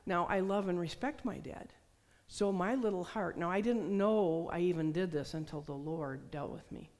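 A woman's voice: fairly low pitch, moderate pace, darkish tone. A middle-aged woman preaching a sermon, telling stories and acting out the voices she quotes. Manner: storytelling, acts out quoted voices. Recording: long hall reverb.

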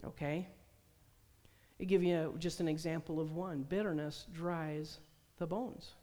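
A woman's voice: low voice, steady tone, unhurried, warm tone. A middle-aged woman preaching a sermon, telling stories and acting out the voices she quotes. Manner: storytelling, acts out quoted voices. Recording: long hall reverb.

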